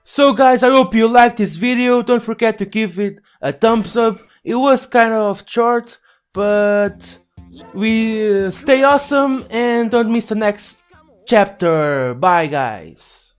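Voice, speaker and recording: A man commentating his own fighting game playthrough, excitable and profane, trash-talking his opponent. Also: high-pitched, slow pace, smooth. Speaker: gaming YouTuber. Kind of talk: let's play commentary. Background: faint game music.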